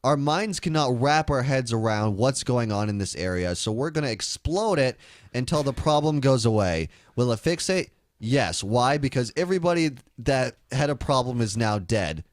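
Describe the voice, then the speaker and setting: A man's voice: medium pitch, lively intonation, normal speed, no echo, studio quality. A man co-hosting a call-in talk show, riffing crudely and slipping into mocking impressions. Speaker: radio show co-host. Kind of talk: irreverent comedic talk show banter.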